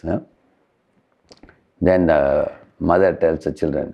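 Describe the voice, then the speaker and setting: A man's voice: low-pitched, moderate pace, highs cut off. A man giving a spiritual lecture to college students, tagging points with a questioning "huh?" and explaining through everyday analogies. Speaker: spiritual teacher.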